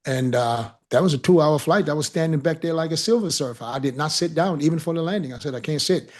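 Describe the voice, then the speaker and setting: Man, slightly high voice, rambling profane anecdote teller for a casual chat show. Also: quick pace. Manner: animated, profane storyteller with laughs.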